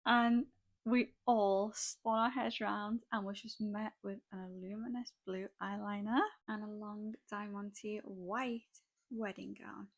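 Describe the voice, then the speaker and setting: A young woman spills a wild story in a dramatic, gossipy chat, peppered with "like". Her voice sits at an ordinary middle pitch, and the sound is close and dry with no room around it. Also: fairly even intonation, a little slow, vocal fry, no room sound. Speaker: makeup artist vlogger.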